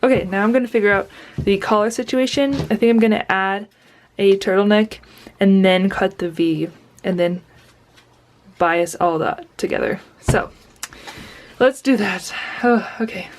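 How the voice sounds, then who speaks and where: A woman's voice: medium pitch, a little slow. A young woman narrating her sewing project in a chatty, upbeat way, with giggly asides. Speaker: sewing vlogger. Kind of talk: casual sewing vlog narration.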